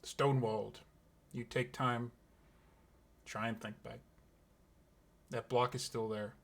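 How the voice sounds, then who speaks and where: Man narrating a tabletop game softly. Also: medium pitch, little pitch movement, creaky. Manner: slow, hushed, deliberate narration. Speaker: game master.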